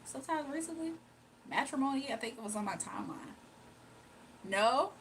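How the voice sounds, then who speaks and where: A woman's voice: fairly high pitch, normal speed, fairly bright tone, slight background noise. A woman hosting a casual livestream, chatting playfully with viewers, reading their comments and laughing often. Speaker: livestream host.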